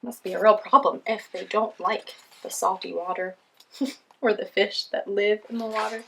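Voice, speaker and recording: A woman's voice: mid-range voice, fairly even intonation, moderate pace, creaky, sharp tone, husky. A woman hosting a children's show, reading picture books aloud in a cheerful, sing-song way with frequent laughs.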